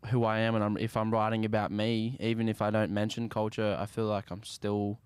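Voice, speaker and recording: A young Australian man, a musician guest, talking casually in an interview in a laid-back, soft-spoken way that often trails off. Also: on the low side, monotone, a little fast, clear, resonant tone, no room sound, studio quality.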